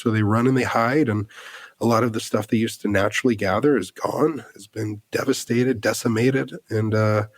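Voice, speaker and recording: A man's voice: lowish voice, dry recording. A man in his thirties from the United States, a podcast guest telling a heartfelt personal story in an earnest way, full of "like" fillers and restarts.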